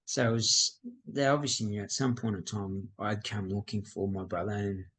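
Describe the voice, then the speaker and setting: A man's voice: on the low side, fairly even intonation, normal speed, fairly bright tone, husky, rough recording. A middle-aged man, telling his life story as a podcast guest in a plain-spoken, reflective way. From Australia. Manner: reflective, plain-spoken, acts out quoted dialogue. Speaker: podcast guest, mindset coach. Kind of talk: candid personal storytelling.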